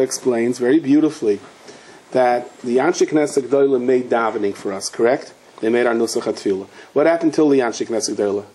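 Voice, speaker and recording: A man's voice: mid-range voice, a little mellow. A man, a rabbi, giving a sermon in a storytelling way, asking questions and mixing in Hebrew and Yiddish words.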